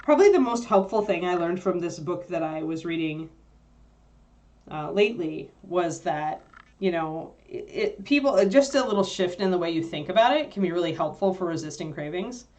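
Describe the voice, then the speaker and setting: Chatty lower-voiced woman co-host. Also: lively intonation, moderate pace, darkish tone. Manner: chatty, rambling with many fillers, laughs easily. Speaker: livestream co-host answering chat. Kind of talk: casual chat.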